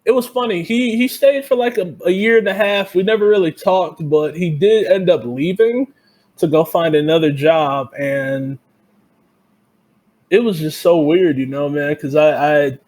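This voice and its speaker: High-voiced young man ranting casually. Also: a little slow, darkish tone. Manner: profane, heated storytelling. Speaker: podcast co-host. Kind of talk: casual chat.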